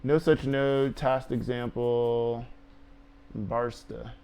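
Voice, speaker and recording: A man's voice: medium pitch, flat delivery, very slow, darkish tone, clear, resonant tone. A man talking to himself while coding on a stream, laughing, swearing and cooing to his dog. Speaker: programmer streaming a coding speedrun. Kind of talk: casual self-talk while coding.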